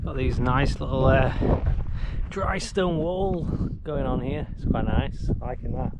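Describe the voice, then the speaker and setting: A man vlogging as he hikes across open moorland, chatting in a relaxed, rambling way with plenty of "you know". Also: medium pitch, a little slow. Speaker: hiking vlogger. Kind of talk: casual chat to camera while walking. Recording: loud wind noise outdoors. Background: wind and outdoor ambience.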